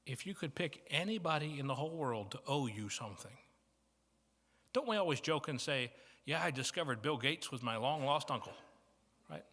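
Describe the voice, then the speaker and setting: A man with a Midwestern American accent preaching a sermon as guest preacher, telling stories and moving between soft asides and emphatic points. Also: mid-range voice, animated, normal speed. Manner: storytelling with shifts from soft to emphatic. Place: church banquet hall. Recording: reverberant banquet hall.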